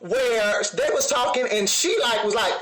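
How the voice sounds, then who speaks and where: A man's voice: very high-pitched, measured pace, fairly bright tone, echoey room. A man giving a sassy, laughing commentary, talking straight to his viewers. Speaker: reality TV reviewer.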